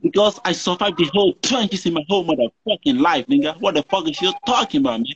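A young man trading profane insults in a rough roast, repeating his angry demands over and over. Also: sits high, fast, dull audio, a little hiss or hum. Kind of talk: profane trash talk roast.

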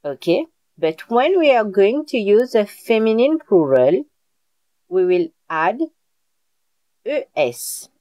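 Teaching beginners live online via a video call mic, this native French speaker is patient and repetitive, frequently asking her students "Okay?" Her medium-pitched voice has big pitch swings, a dark tone and a slow pace with frequent pauses, and there's no room sound.

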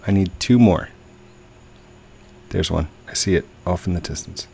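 A man's voice: deep voice, normal speed, vocal fry, mellow, slightly rough. A young man giving playful live commentary while playing a game, talking to the other players and his own character. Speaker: gaming video host.

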